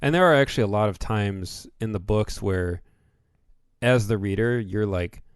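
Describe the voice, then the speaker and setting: A man's voice: on the low side, normal speed, clean tone, dry recording, studio quality. A man co-hosting a podcast in casual chat, explaining in a laid-back way with the odd swear word. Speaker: podcast co-host.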